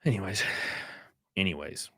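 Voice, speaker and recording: A man's voice: deep voice, a little slow, pushed and bright, slightly rough, no echo, studio quality. A man with an American accent, chatting casually with his live-stream viewers in a rambling, laid-back way and cursing now and then. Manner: sings snatches of a theme song.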